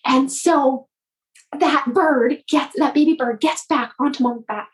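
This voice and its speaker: A woman coach telling a motivational story in an animated way, often repeating her words. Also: high-pitched, measured pace, rough recording.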